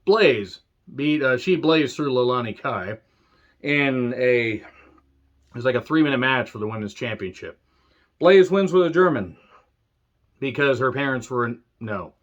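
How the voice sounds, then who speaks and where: A man's voice: medium pitch, expressive, a little slow, long pauses. A man giving a casual, rambling wrestling review with sarcastic, crude humor. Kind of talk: casual spoken video review. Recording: dull lo-fi sound.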